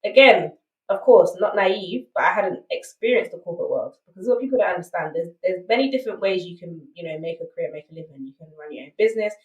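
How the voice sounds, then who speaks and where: A woman's voice: lowish voice, lively intonation, fast talker, a little mellow, reverberant, far from the mic, lo-fi sound. A woman with a South London accent, a podcast guest telling her story candidly and emphatically, often checking in with "right?". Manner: emphatic, rhetorical asides like "right?".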